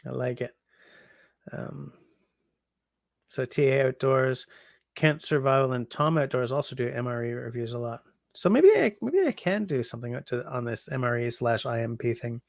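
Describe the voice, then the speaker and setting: A man from Canada in his forties hosts a casual livestream, tired and rambling, reading chat with plenty of ums. His mid-pitched voice has a gravelly grain. The sound is dry and close, with no room echo. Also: lively intonation, normal speed. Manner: rambling, chatty, yawning, frequent ums.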